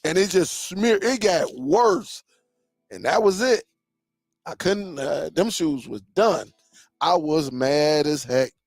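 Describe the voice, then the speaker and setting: A man's voice: fairly high pitch, animated, takes it slowly, gravelly, no echo, faint music behind. A man in his forties hosting a casual live chat with viewers, laid-back and full of stories, dropping "man" often. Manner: laid-back, storytelling, chatty with frequent "man". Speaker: live stream host.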